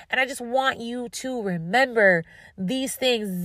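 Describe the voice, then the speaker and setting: A woman with a fairly high, slightly bright voice speaks slowly on a faith podcast, recorded in clean studio quality with no echo. Sounding tired and dry-mouthed, she gives an earnest devotional talk, repeating phrases for emphasis, then prays aloud.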